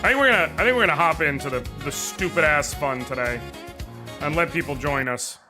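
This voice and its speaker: A man streaming a video game, chatting casually with his audience, excitable and joking, swearing freely as he talks. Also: fairly high pitch, brisk, over music. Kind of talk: casual live-stream chat.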